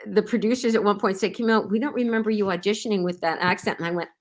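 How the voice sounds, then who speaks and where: A middle-aged actress recalling her time on a show in a relaxed interview, rambling with many fillers and restarts. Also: medium pitch, racing. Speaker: actress guest. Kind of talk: casual interview anecdotes.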